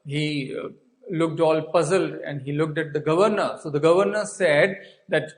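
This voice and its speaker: A man's voice: a little high, steady tone, moderate pace, poor audio. A man teaching English with an Indian accent, walking students through a story and answering his own questions. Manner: asks rhetorical questions and answers them. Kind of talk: explaining a textbook story to a class.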